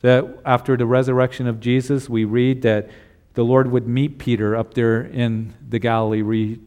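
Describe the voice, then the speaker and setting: A man's voice: mid-range voice, flat delivery, normal speed, darkish tone, clean tone. A middle-aged male pastor preaching a sermon, asking a string of rhetorical questions and acting out the voices he quotes.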